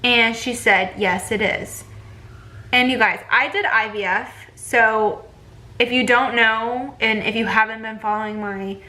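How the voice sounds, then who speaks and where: A woman's voice: fairly high pitch, fairly even intonation, a little slow, bright, forceful tone, rough recording. A young pregnant woman, chatting casually in a vlog and retelling a bad appointment with lots of fillers. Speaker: vlogger.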